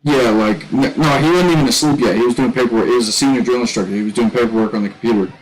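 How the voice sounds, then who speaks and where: A man's voice: medium pitch, very fast, rough recording. Rambling man telling a story. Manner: rambling, restarts a lot, shouts when quoting others. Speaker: gaming streamer telling a story. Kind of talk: casual storytelling.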